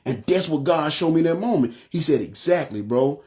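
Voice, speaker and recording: A man's voice: on the high side, quick pace, darkish tone. A man giving a personal testimony to the camera, talking conversationally and calling his listeners y'all. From North Memphis, USA. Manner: frequent "you know what I'm saying" fillers.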